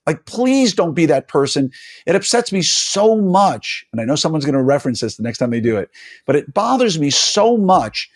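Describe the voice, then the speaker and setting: A middle-aged man hosts a casual interview, his pitch swinging widely as he lectures and exhorts his listeners. He talks emphatically and rambles with "um" and repeated words. He sounds like a practitioner sharing hard-won opinions with his peers. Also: big pitch swings, normal speed. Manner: emphatic and preachy, with many fillers and restarts. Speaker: podcast host and orthodontist.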